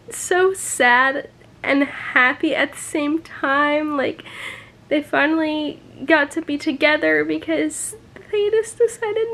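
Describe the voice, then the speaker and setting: Young woman vlogging about a book, high voice, slow, lots of sighs and "like"s. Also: a bit bright. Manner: emotional, sighs often, many fillers. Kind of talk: casual reading vlog reactions.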